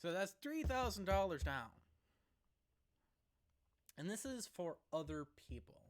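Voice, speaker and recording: A young man vlogging casually into a laptop mic, rambling and laughing as he talks, sometimes rushing and sometimes slowing down. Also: sits high, big pitch swings. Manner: rambling, laughs often, jumps between fast and slow. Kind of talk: casual to-camera vlog.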